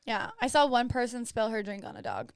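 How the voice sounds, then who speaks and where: Bright-voiced woman ranting in her twenties. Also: a little high, big pitch swings, a little fast, gravelly, clear, resonant tone, no echo, clean studio sound. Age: 20s. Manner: ranting, emphatic. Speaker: podcast co-host. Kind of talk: casual chat.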